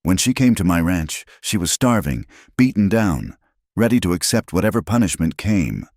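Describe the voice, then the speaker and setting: A man playing a rancher who testifies with authority and calm conviction. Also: sits low, normal speed, no echo, clean studio sound, pitched above the performer's own voice, exaggerated voice. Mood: firm. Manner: authoritative, steady. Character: commanding rancher, firm conviction.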